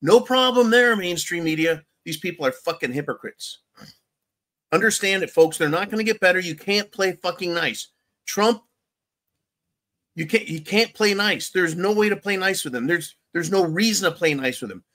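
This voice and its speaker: A man's voice: sits high, normal speed, bright, forceful tone. A man hosting his own channel, ranting angrily through political commentary, swearing heavily and repeating himself, with sarcastic asides. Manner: angry, heavily profane, repetitive. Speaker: channel host.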